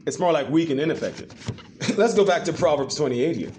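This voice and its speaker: A man preaching a sermon to a church congregation, animated and full of rhetorical questions. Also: fairly high pitch, brisk, a little hiss or hum. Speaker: pastor.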